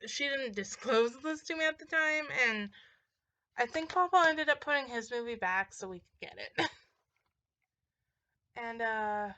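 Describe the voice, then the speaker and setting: A young woman vlogger shows off her movie collection, chatting casually and rambling with lots of fillers and little laughs. Her voice is a little high, bright, and forceful.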